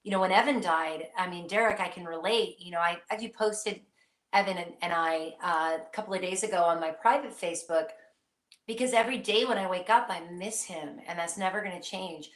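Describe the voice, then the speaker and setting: A woman's voice: on the low side, a little fast, a bit bright, reverberant. A woman hosting a live psychic question-and-answer stream, speaking earnestly and reassuringly straight to her viewers.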